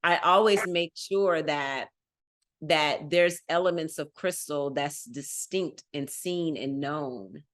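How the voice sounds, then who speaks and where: Lively Texan woman, low voice. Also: slow. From Texas. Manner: animated, laughs often, emphatic repetition. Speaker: guest. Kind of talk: casual chat.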